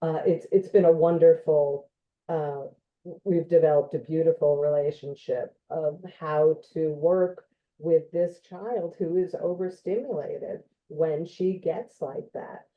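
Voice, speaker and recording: A woman occupational therapist giving an informal educational talk in a gentle, conversational way, with frequent ums and you-knows. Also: sits low, unhurried. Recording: tinny phone-like online audio.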